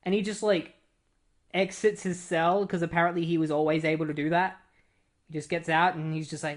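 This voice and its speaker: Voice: mid-range voice, fairly even intonation, a little fast. A comic book reviewer giving a casual plot recap, chatty and full of fillers, with offhand asides.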